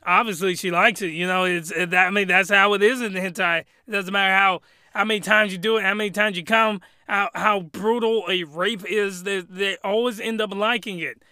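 A man's voice: sits high, steady tone, normal speed, sharp tone, clean tone, dry recording, clean studio sound. A man giving a comedic review rant, rambling and exclamatory, with loose, colloquial talk. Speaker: anime reviewer.

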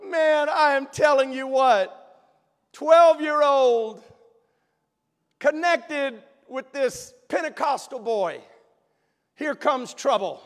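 A male pastor telling a personal story in a sermon, animated and emphatic, sometimes bursting into a shout. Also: very high-pitched, slow pace, pauses often. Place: church sanctuary. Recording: long reverb of a large hall.

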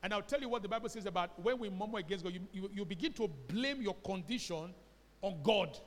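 A high-voiced Nigerian man preaches with insistent emphasis, tossing questions to his listeners and dropping into Pidgin. His voice rings out with a long reverb, as if from a large church hall. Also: fast talker. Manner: slips into Pidgin phrases. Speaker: pastor. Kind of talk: sermon.

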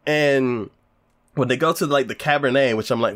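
Speaking at a moderate pace, this man has a medium-pitched, fairly bright voice. He's chatting casually about an anime he's reviewing, hesitating and rambling with plenty of fillers, and he laughs a lot.

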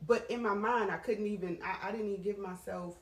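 A woman talking in a candid, casual chat, animated and frank, with plenty of profanity. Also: mid-range voice, brisk. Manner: animated, frank and profane, swings between laughter and strain. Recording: roomy sound from a distant mic.

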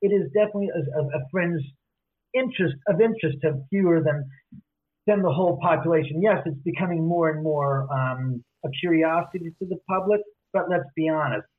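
A man telling stories as an interview guest, lively, acting out the voices of people he quotes. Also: on the high side, brisk. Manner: animated, acts out quoted voices. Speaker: author and guest. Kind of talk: casual storytelling interview. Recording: tinny phone-line audio.

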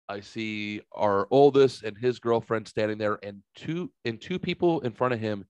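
A man in his forties, a podcast host telling casual stories in an animated way, swearing freely and jumping higher when excited. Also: smooth, no echo. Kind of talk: casual storytelling chat.

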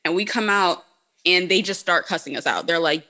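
Bright-voiced woman telling blunt stories. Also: on the low side, normal speed. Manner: blunt and profane, heavy use of "like". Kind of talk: casual chat, storytelling.

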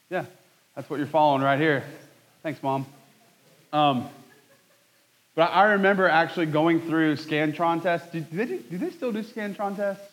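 Man, pastor, sermon, conversational, self-deprecating, slightly high voice. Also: rough recording.

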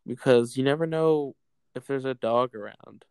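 Young male podcast co-host, smooth voice, dry close sound, crude jokester. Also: medium pitch, moderate pace, a little mellow, no echo. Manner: joking, laughs often, crude. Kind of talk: casual chat.

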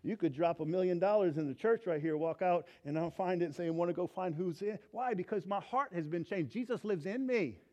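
A man preaching a sermon as pastor, swinging between fervent exclamations and a hushed altar-call prayer. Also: high voice, a little fast, hardly any pauses, highs cut off. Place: church sanctuary.

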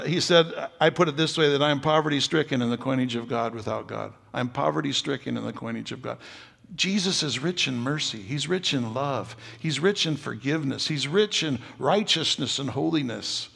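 An older man preaching a sermon as pastor, folksy and joking, building to loud emphatic stretches. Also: mid-range voice, moderate pace, creaky. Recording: long hall reverb.

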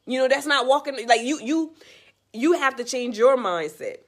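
A woman's voice: sits high, expressive, moderate pace. A woman speaks in a loose, heartfelt monologue, offering life advice. She is earnest and a little preachy, circling back to the same phrases to drive her points home. Her tone is casual and direct, as if talking to a friend. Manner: earnest, repetitive, preachy, talks straight to the listener. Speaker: vlogger giving life advice.

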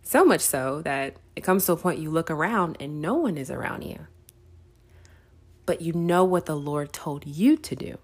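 A woman's voice: sits low, animated, moderate pace, a little mellow, slightly rough. A woman hosting a faith podcast, telling a story in a casual, chatty way, often asking "right?" and laughing. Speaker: podcast host.

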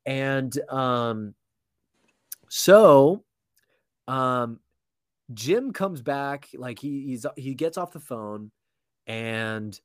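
A man's voice: mid-range voice, expressive, very slow, pauses often, dry recording, studio quality. Slangy young man telling a story. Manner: slangy, lots of "like" and restarts. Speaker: podcast guest. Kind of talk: casual storytelling.

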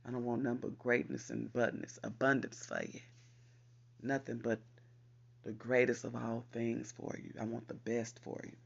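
A man hosting a podcast, reciting affirmations and repeating them slowly for emphasis in an encouraging way. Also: medium pitch, level tone, creaky, muffled recording. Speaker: podcast host. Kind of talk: spoken affirmations.

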